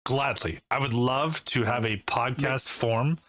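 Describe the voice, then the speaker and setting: A man's voice: mid-range voice, a little slow, a bit bright. A man hosting a podcast in casual chat, laughing often and swearing freely. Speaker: podcast host.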